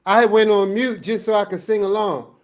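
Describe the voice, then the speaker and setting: A man with a notably high speaking voice hosts a live video call show. He is playful and excitable, joking with his guests. It sounds like a video call mic. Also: fairly quick. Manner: playful, excitable, laughs often. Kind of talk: casual live-stream banter.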